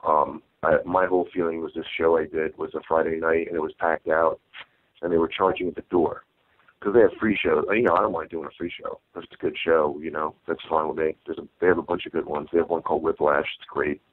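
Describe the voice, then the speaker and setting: A man, a stand-up comedian, talking casually in an interview, halting and restarting often. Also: extremely low pitch, little pitch movement, no echo. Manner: halting, with many restarts and fillers. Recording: dry, tinny phone-like sound.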